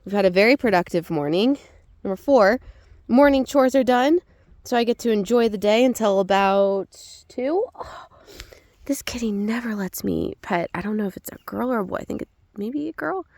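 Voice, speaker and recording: This is a young woman hosting a casual daily gratitude vlog, recorded outdoors on a rural property among goats and cats. Her voice sits at an ordinary pitch but moves up and down a lot as she talks. Her delivery is chatty, and she breaks into a high sing-song when she coaxes the animals. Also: lively intonation, brisk, a little mellow, dry recording. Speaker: host.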